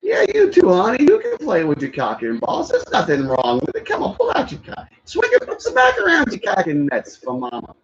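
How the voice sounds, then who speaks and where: A man putting on the voice of a crude, pushy middle-aged mother in a screechy falsetto, coaxing and drawn out. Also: wildly swooping pitch, normal speed, hardly any pauses, a little hiss or hum, heavily acted. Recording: muffled lo-fi audio.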